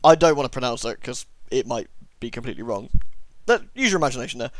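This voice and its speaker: A young man commentates a game playthrough, dropping sarcastic jokes between moves. His voice sits at an average pitch. The sound is dry and close. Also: expressive, quick pace, hardly any pauses, dry recording. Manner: sarcastic, joking asides. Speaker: let's play host. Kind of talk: casual gameplay commentary.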